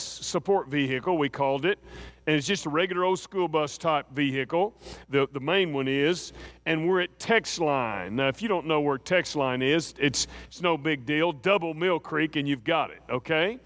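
A middle-aged man from Texas spins a folksy anecdote, his voice sitting a bit high for a man. He acts out the other people's voices and keeps checking in with the listener. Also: fairly bright tone. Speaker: storyteller. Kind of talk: anecdotal storytelling.

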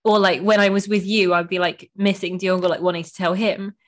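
A woman's voice: mid-range voice, level tone, a little fast. A young woman hosting a podcast, chatting casually and emotionally with lots of "like". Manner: gushing, emotional, heavy use of "like". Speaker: podcast host. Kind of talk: casual chat.

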